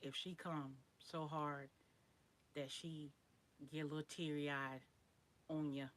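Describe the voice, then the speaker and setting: A woman's voice: sits low, level tone, takes it slowly. A young adult woman hosting a live stream, chatting frankly and directly with her viewers. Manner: chatty, talks straight to viewers, frank about sex. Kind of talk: casual live stream chat.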